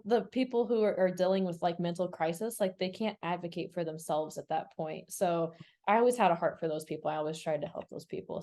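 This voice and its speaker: Woman, podcast host; casual, enthusiastic, chatty, slightly low-pitched, lots of "um" and "like.". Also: a little mellow. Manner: enthusiastic, chatty, frequent fillers like "um" and "like". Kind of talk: casual interview chat.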